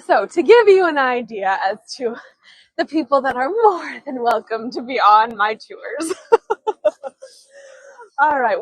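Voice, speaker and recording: This high-pitched tour guide, a woman from Chicago, USA, leads viewers of her live stream on foot through the outdoor city streets. She's chatty and giggly and adds storytelling asides; the audio is dry and poor.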